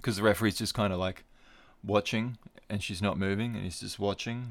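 A man's voice: lowish voice, fairly even intonation, a little fast. A man hosting a casual solo podcast, recapping fights with wry, rambling asides. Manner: wry, digressive, jokey asides. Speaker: podcast host.

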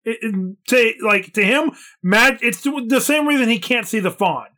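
A man's voice: very high voice, animated, normal speed, pushed and bright. A man co-hosting a casual film podcast, emphatic and analytical, with some casual swearing. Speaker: podcast co-host.

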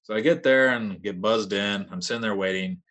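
A man's voice: fairly low pitch, moderate pace, fairly bright tone. A man in his thirties, a podcast guest, telling stories in a rambling, laid-back way. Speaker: podcast guest, metal vocalist. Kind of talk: casual storytelling chat.

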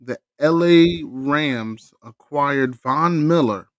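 A man co-hosting a casual sports podcast, animated and profane, teasing his co-host. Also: on the high side, slow, no echo.

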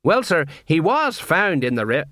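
A plodding middle-aged watch sergeant, as a man reads him in an audiobook. He questions people in a flat, dogged way. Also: a little high, moderate pace, dry recording, clean studio sound, pitched above the performer's own voice. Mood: deferential.

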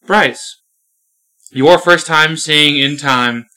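A man's voice: on the high side, drawn-out words, pushed and bright, clean tone. A man hosting a podcast, trading jokes in casual chat and reading out a prepared segment intro. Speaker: podcast host.

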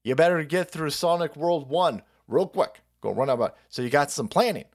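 A man's voice: on the high side, lively intonation, moderate pace. A man in his thirties hosting a stream, ranting about politics in a profane, mocking way and slipping into silly voices. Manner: foul-mouthed, mocking, puts on silly voices. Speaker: podcast host.

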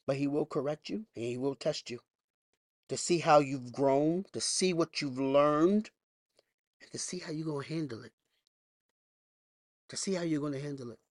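A man's voice: on the high side, normal speed, long pauses, no echo, studio quality. A male pastor preaching a sermon emphatically, with folksy asides and rhetorical questions.

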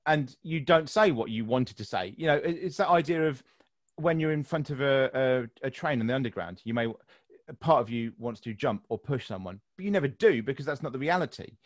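A man's voice: medium pitch, lively intonation, a little fast, no room sound, clean studio sound. A British man hosting a podcast, talking frankly and swearing freely, often laughing at his own jokes. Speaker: podcast host. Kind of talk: casual podcast chat.

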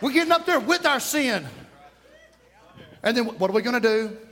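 A man preaching a lively, storytelling sermon, out of breath, shouting at moments. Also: very high-pitched, normal speed, a little hiss or hum. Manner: storytelling, animated, breaks into shouts and laughs. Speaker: pastor. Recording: long hall reverb.

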